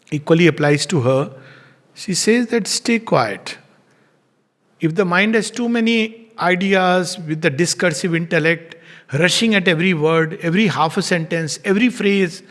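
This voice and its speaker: A man giving a gentle, unhurried spiritual talk, slowing down to stress words as he explains. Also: high-pitched. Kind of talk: reflective spoken lecture. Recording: long hall reverb.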